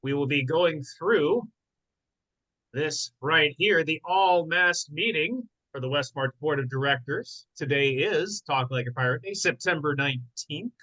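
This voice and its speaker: Man, meeting chair, playful pirate talk, bright forceful voice, fairly high. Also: rough recording. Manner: theatrical, mock-indignant pirate speech. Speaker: board president chairing a meeting.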